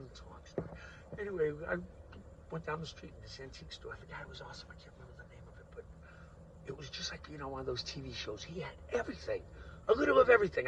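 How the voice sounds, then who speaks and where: A man in a rambling, profane monologue that veers from low mutters to loud outbursts, recorded dull and from a distance. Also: noisy background. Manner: coarse and profane. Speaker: vlogger.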